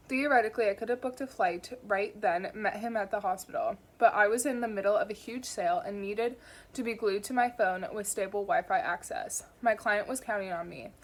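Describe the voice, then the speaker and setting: A woman in the middle of her pitch range reads a novel aloud in a relaxed, homemade style. Her delivery is wry and lively, and she sometimes trips over words and jokes about it before going on. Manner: wry and lively, stumbles and comments on her slips. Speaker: audiobook reader. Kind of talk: casual home audiobook reading.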